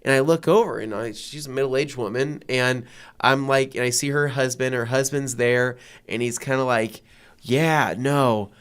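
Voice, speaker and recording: A man co-hosting a podcast who tells a long anecdote in casual chat, animated and full of restarts. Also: medium pitch, normal speed, smooth. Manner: animated storyteller, many restarts. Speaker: podcast co-host.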